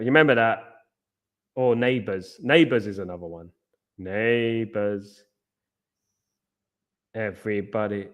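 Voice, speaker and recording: A man's voice: lowish voice, takes it slowly, pauses often, muffled recording. A man hosting a live football watchalong, chatting casually and drifting off on tangents. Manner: rambling, chatty, goes off on tangents. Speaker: watchalong host.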